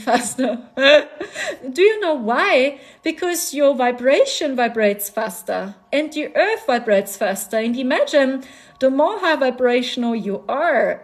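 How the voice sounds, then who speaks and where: A woman chatting on a live stream, laughing often and repeating herself as she talks. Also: high-pitched. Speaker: spiritual vlogger. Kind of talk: casual live-stream chat.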